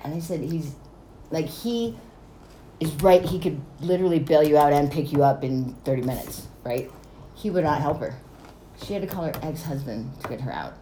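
A woman's voice: low-pitched, lively intonation, moderate pace, dark tone. A woman telling stories in casual chat, swearing freely and laughing between lines. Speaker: storyteller. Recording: echoey room with faint noise.

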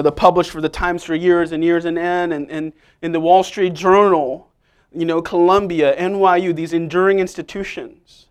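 A man preaching a lively, joking sermon straight to the congregation. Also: sits high. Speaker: guest preacher. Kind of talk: sermon with humor.

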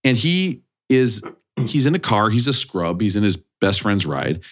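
Animated low-voiced man telling a story. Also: unhurried. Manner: animated, self-mocking storyteller. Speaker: podcast host. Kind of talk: casual chat, storytelling.

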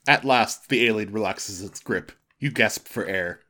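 A man's voice: on the low side, measured pace, pushed and bright. A man co-hosting a comic podcast, reading a gamebook aloud with wry asides. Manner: wry, amused. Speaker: co-host, reader.

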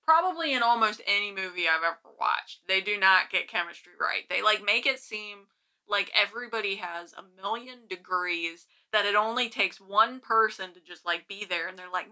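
A woman's voice: mid-range voice, moderate pace, sharp tone. A woman co-hosting a casual podcast chat, talking loosely with lots of "like" and asking her co-host questions. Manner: chatty, full of "like", asks questions.

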